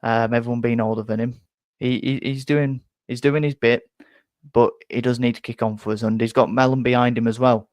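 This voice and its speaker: A man's voice: mid-range voice, little pitch movement, a little fast, darkish tone, no room sound. A young man chatting casually on a fan live stream, rambling and restarting words as he reads out viewer comments. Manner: rambling, self-interrupting, repeats words. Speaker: fan channel host.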